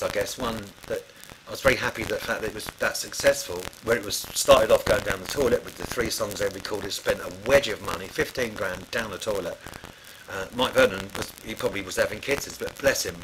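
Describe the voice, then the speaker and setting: Background noise accompanies a middle-aged man's fairly low, fairly quick voice as he rambles through informal studio stories, stumbling into fillers and restarts along the way.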